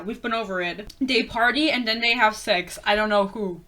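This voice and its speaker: Young woman reviewer, bright and slightly high-pitched, sarcastic and blunt, swears and laughs a lot, casual rant style. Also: normal speed, few pauses. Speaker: book reviewer.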